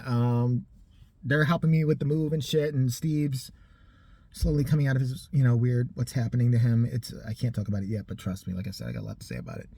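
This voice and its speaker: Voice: mid-range voice, moderate pace, husky. A tired person in their thirties telling a rambling, profane story in a casual vlog. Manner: profane, animated, tangent-prone. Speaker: storytime vlogger.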